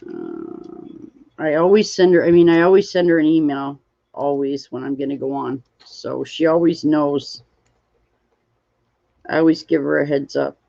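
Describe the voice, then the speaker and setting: This livestream host crafts while chatting casually, yawning with fatigue as she slowly rambles, says hello to viewers, and reads their messages aloud. Her low, warm voice has vocal fry yet stays very animated, and the stream audio is dull and lo-fi.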